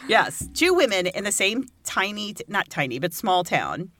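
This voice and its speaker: A woman's voice: medium pitch, big pitch swings, normal speed, fairly bright tone, slight background noise. A woman co-hosting a podcast in casual chat, joking and sarcastic, laughing often with crude, irreverent humor. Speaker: podcast co-host.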